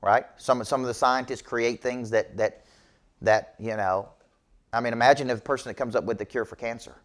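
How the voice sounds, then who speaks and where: A man's voice: mid-range voice, steady tone, a little fast. A middle-aged man, giving a motivational business talk to an audience in an emphatic, preachy way. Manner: emphatic, preachy, repeats "okay?" to check in. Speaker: business coach.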